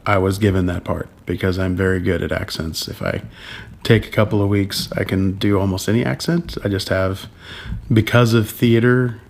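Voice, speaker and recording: Low-ish guy rambling on his home vlog, neutral accent, lots of ums, laughing here and there, talking low so the baby sleeps. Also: fairly even intonation, normal speed, creaky, a little hiss or hum. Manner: keeps voice down so as not to wake a baby. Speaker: vlog co-host. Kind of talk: casual chat at home. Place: home at night.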